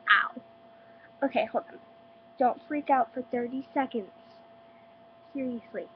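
A teenage girl, stuffy-nosed from being sick, chats at home in a casual vlog packed with likes and ums. Her voice is on the high side and a little slow, with long pauses. The dull lo-fi webcam recording carries a hum.

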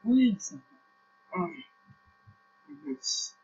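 A man's voice: slow, darkish tone, lo-fi sound. A young man with a Norwegian accent, casually commenting on a game and puzzling aloud as he plays. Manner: puzzled, thinking aloud, repeats himself. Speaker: gameplay commentator.

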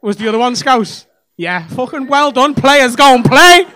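A man's voice: very high voice, expressive, normal speed, bright, forceful tone. A male stand-up comedian doing cheeky, sweary crowd work on a club stage, talking into a handheld mic. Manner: cheeky, swearing banter with audience. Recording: live comedy club with audience laughter.

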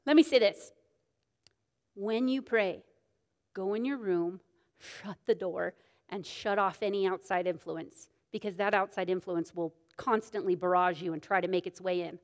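A woman's voice: medium pitch, normal speed. A woman in her thirties, teaching a women's Bible study in a candid, self-deprecating, storytelling way. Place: church meeting room. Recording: long church reverb.

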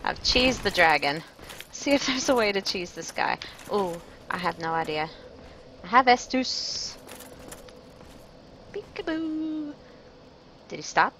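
A woman's voice: lowish voice, animated, normal speed, fairly bright tone, a little hiss or hum, low-quality recording. A woman streaming a game, chatting casually with viewers and joking about her own play. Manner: chatty and self-mocking, greeting chat viewers. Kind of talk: casual gameplay commentary.

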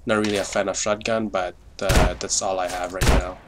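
A man's voice: low voice, level tone, normal speed, heavy background noise. A man giving live gameplay commentary, swearing often in frustrated outbursts over keyboard clicks. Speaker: gamer.

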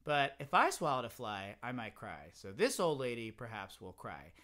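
In a mid-range, fairly bright voice with big pitch swings at normal speed, a male music teacher runs a playful singalong for children. He sings, whispers and talks them through games.

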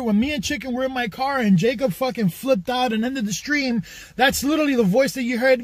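A man's voice: very high-pitched, fairly quick, no room sound. A man streamer ranting at his live chat in a crude, mocking, defensive way.

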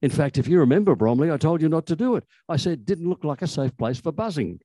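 A man putting on a young convict who whines and splutters about his unfair arrest. The voice sits well above the reader's own and swings up into a high, aggrieved pitch. The sound is close and dry. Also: expressive, fast, warm tone, no room sound. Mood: indignant. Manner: sputtering, complaining. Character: young male convict, indignant and whiny.

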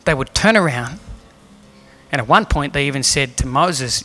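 A man's voice: medium pitch, animated, normal speed, pushed and bright, faint music behind. A man preaching a sermon as pastor in a church, earnest and emphatic, asking the room rhetorical questions. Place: church hall.

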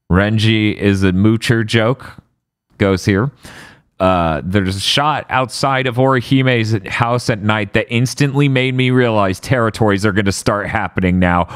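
A man's voice: lowish voice, clear, resonant tone, dry recording, studio quality. A man casually recapping episodes on a podcast, sardonic and exasperated, swearing now and then.

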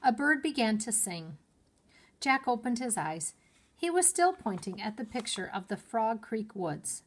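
Slow, expressive woman reading a storybook. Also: a little high, slightly rough. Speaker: teacher. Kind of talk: reading a children's chapter book aloud.

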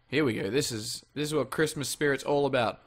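A man's voice: medium pitch, brisk. A man giving rambling, jokey let's-play commentary, swearing freely as he plays. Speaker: gaming channel host.

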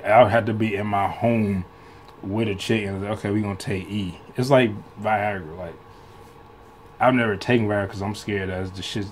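Low-voiced man rambling through a reaction video. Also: a little hiss or hum. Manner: rambling and loose, full of "like" and restarts; laughs often while talking. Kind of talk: casual reaction commentary.

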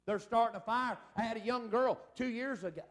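A man's voice: very high voice, a little fast, fairly bright tone. A middle-aged man preaching a folksy revival sermon in a church, calling out for amens from the congregation. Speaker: evangelist. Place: church service.

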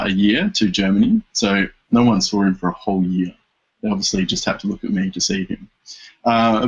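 A man's voice: on the low side, husky. A man with dry humour, telling a story as a guest on a casual podcast. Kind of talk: casual interview chat. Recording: dull lo-fi podcast audio.

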